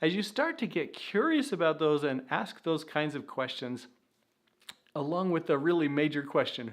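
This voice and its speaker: A man hosting an inspirational faith-based talk, speaking earnestly and encouragingly straight to the viewer, pausing to reflect now and then. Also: fairly high pitch, lively intonation. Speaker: self-help video host.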